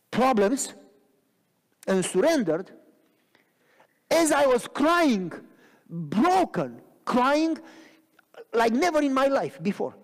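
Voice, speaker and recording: A man preaching with a raised, lively voice that leaps between loud cries and hushed near-whispers. He keeps checking in with the congregation, and his words ring out with a long church-hall reverb. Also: sits high. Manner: asks the audience if they follow him. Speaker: pastor. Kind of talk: sermon. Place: church sanctuary.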